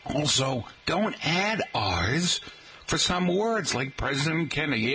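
A man's voice: on the high side, big pitch swings, slow pace, pushed and bright, slight background noise. An older man with a Boston accent hosting a radio talk show, rambling and joking with many fillers and restarts. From Boston area, Massachusetts. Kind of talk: casual monologue to listeners.

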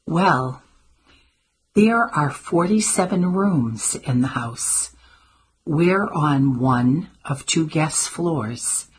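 A woman voicing a wry, sharp-tongued grandmother with dry, teasing quips in an audiobook. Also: low-pitched, lively intonation, drawn-out words, slight background noise, full character voice, rough recording. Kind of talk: audiobook character voice.

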